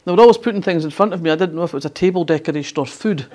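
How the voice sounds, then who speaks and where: A woman's voice: fairly low pitch, rapid-fire, mellow, slight background noise. A Scottish woman from Fife, in her sixties, telling wry, humorous stories to a live audience as a guest speaker. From Fife, Scotland. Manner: wry storyteller, acts out voices in quotes.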